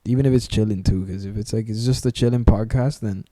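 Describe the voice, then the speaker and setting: A man's voice: on the low side, fairly even intonation, fast talker, warm tone, dry recording, clean studio sound. A young man co-hosting a podcast in casual chat, emphatic and repetitive, calling his friend "bro" again and again. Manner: emphatic, repeats himself, says "bro" a lot. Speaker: podcast co-host.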